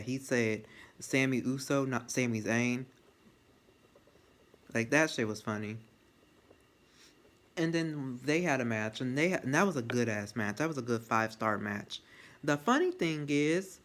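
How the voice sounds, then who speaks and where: Man, casual wrestling reviewer, rambles and swears, gets loudly excited, mid-pitched voice. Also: moderate pace. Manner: excitable, rambling, swears freely, restarts often.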